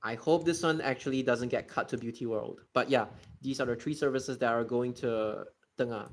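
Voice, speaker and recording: A man from Singapore, speaking at a medium pitch and normal pace, streams a geography game. He chats casually, reads his chat, and rants in exasperation about how people pronounce words.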